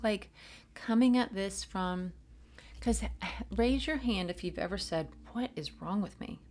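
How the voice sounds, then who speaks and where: A woman's voice: mid-range voice, darkish tone, a little hiss or hum. A woman doing a spiritual reading, talking to her viewers in a chatty, rambling, encouraging way with a self-mocking streak. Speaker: spiritual reader, channel. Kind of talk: casual spiritual pep talk to camera.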